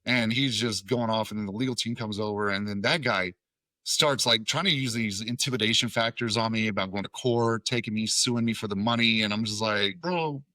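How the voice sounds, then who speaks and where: A man in his thirties from Tennessee tells a story as a podcast guest. His voice is bright and forceful. He swears easily and slips into the voices of everyone in the story, and the recording is dry and close. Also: fairly low pitch, fairly quick, no echo. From Tennessee, USA. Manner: profane, acts out quoted dialogue. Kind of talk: casual storytelling.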